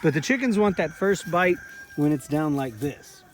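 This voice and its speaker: Brief: rambling farmer guy, higher pitched and very animated, outdoor recording with a lot of background noise. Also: normal speed. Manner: chatty, talks affectionately to his chickens. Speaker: farmer and video host. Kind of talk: casual walk-and-talk vlog. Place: outdoors in a pasture. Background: chickens clucking and roosters crowing.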